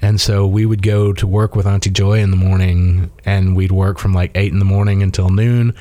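A man's voice: low voice, level tone, normal speed, mellow, no echo. A man from Mississippi chatting casually as a guest, telling rambling stories with many fillers and restarts. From Mississippi, USA. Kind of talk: casual conversation.

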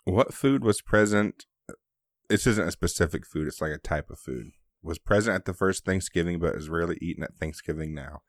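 A man's voice: low voice, a little fast, dry recording, studio quality. A man co-hosting a casual chat, laid-back and teasing, reading out trivia questions.

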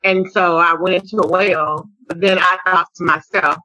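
A woman from Dallas, Texas, shares personal testimony in a podcast interview. Her voice is husky yet bright and tense, and she circles back on phrases as she goes. The sound is close and dry. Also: lowish voice, steady tone, no room sound, rough recording. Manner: earnest, halting storytelling with repeated phrases. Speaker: podcast guest, survivor advocate.

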